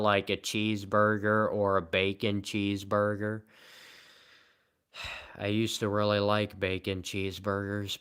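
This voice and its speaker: Rambling deadpan man with Southern-tinged speech. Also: lowish voice, clear, resonant tone. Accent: Southern American. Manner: rambling, deadpan and self-mocking. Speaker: live streamer. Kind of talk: casual livestream chat answering comments.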